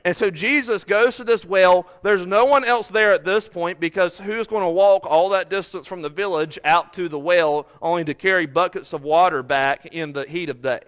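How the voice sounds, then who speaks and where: A man's voice: sits high, normal speed, few pauses, fairly bright tone. A male pastor preaching a sermon, earnest and building to emphatic, repeated phrases.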